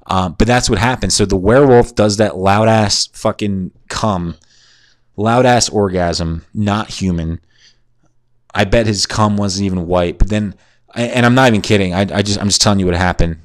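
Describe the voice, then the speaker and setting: A fairly low-pitched man in his twenties, speaking at a moderate pace, hosts a podcast from his shared house. Drunk and concussed, he spins a crude, profane, digressive story at his own expense. The sound is clean studio quality with no room sound.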